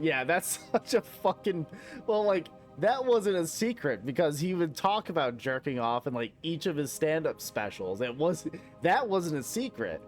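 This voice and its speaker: A young American man streams a game with soft music in the background, his voice fairly high and very animated at a normal speed. He chats casually and rambles with plenty of profanity, now and then breaking into mock-outraged rants.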